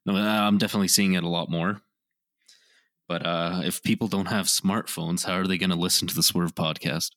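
A man's voice: deep voice, a little fast, no echo, clean studio sound. A man co-hosting a podcast in casual chat, talking in a laid-back way with lots of "like"s. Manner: relaxed, many fillers like "like". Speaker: podcast co-host.

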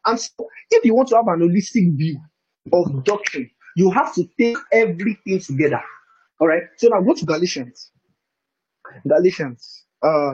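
A man's voice: high voice, a little mellow, breathy edge. A man preaching a bible teaching sermon in a conversational way, often asking "do you understand?" and chuckling between points. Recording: dull lo-fi recording.

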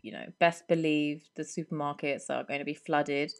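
A young woman in her twenties, hoarse from a cold, chatting casually and rambling on her solo podcast into a microphone. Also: low voice, steady tone, moderate pace. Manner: rambling and chatty, many fillers. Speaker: podcast host.

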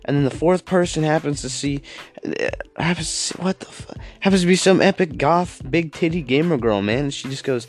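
A man's voice: medium pitch, moderate pace, faint music behind. A young man hosting a casual podcast, talking offhandedly and rambling, with lots of fillers and slang like "dude" and "man". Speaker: podcast host.

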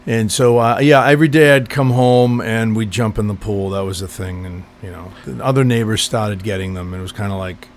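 A man's voice: lowish voice, steady tone, fairly quick, hardly any pauses, slight background noise. A man, co-hosting a podcast, dry, blunt and profane in casual banter. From Stoneham, Massachusetts. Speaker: podcast co-host.

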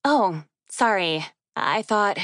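A woman's voice: mid-range voice, lively intonation, slow pace, fairly bright tone, no echo, studio quality, voice pushed up. A woman voicing a flustered, teary young woman graduate student who stammers and makes fun of herself. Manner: stammering, self-deprecating. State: crying.

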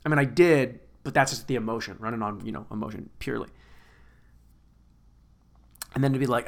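A man hosting a podcast in a casual comedic rant, rambling, crude and self-mocking, swinging between loud bursts and low mutters. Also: moderate pace, gravelly, pauses often.

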